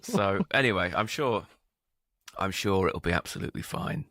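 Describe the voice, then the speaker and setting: A man with a very low, gravelly voice chats in a relaxed, dry, self-deprecating way. The sound is close and dry, with no room around it. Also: moderate pace, no room sound. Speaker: podcast co-host. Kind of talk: relaxed casual chat.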